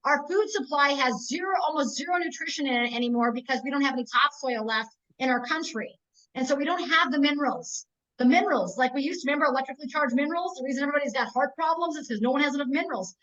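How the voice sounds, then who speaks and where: High bright woman presenting over a video call. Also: dull audio. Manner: emphatic, talks to the audience directly with frequent "right?" and "guys". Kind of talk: animated sales presentation.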